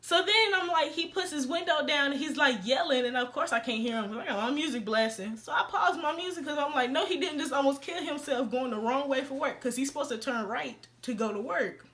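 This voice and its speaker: Animated young woman telling a story. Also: high-pitched, fairly quick, hardly any pauses. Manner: animated, slangy, acts out quoted dialogue. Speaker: vlogger. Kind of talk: casual storytime.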